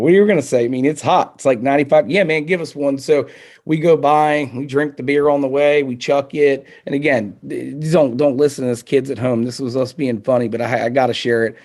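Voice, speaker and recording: Animated man telling a shooting-range story. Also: on the high side. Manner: animated, acts out quotes with laughs. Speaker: target setter, podcast guest. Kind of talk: casual storytelling.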